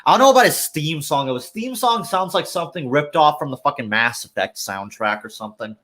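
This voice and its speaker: A man's voice: on the high side, expressive, fairly quick, a bit bright, slight background noise. A man hosting a livestream, ranting casually with lots of swearing and filler words. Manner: profane, rambling rant with many fillers. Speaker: livestream host. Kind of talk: casual chat.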